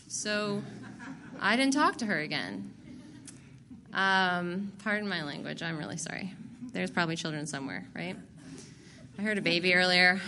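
A woman's voice: lowish voice, normal speed, long pauses, background noise. A woman candidly sharing her recovery story to a group, blunt and profane and laughing at herself. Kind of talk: candid personal testimony.

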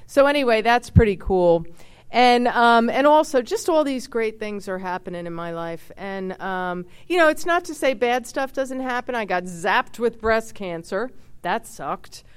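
A woman in her fifties telling personal stories in a chatty, expressive way. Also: fairly high pitch, a little slow, clean tone. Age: 50s. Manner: chatty, expressive, many fillers and asides. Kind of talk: casual personal storytelling.

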